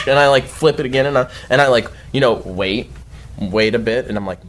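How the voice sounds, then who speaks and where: A man telling a long story as a podcast guest, rambling and swearing freely and shouting the outbursts he quotes. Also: mid-range voice, lively intonation, fast talker. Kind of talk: casual storytelling chat.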